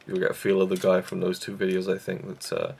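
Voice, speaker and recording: A young YouTube reviewer fires off a fast, rambling vlog chat about favorite films, full of fillers, restarts, and self-mockery. His voice sits low, creaky and a little mellow, stays monotone, and a slight hiss or hum is audible.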